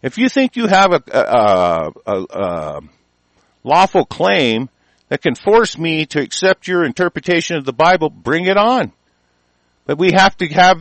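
A man's voice: on the high side, lively intonation, moderate pace, a bit bright, dry recording, rough recording. Man, political rant, heated, rambling, stumbling fillers, dry close sound.

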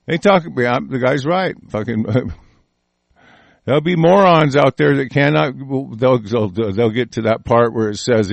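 Gravelly man in a profane rant. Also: mid-range voice, normal speed, no echo. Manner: angry, profane, rambling with restarts. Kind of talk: profane ranting commentary.

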